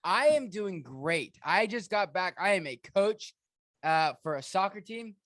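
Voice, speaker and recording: A man hosting a casual fantasy football podcast, energetic and joking in quick banter with his co-host. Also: sits high, no room sound. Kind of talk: casual sports podcast chat.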